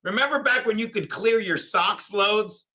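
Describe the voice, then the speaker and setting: Loud crude fifties man, high bright voice. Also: normal speed. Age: 50s. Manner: crude, rambling, loud storytelling. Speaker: stream host. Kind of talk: casual sports watchalong chat.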